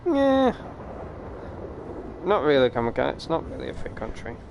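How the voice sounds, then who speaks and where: A man's voice: on the high side, big pitch swings, moderate pace, creaky, background noise. A young British man with a British accent, chatting casually and rambling on a game stream, swearing now and then and laughing often. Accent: British English.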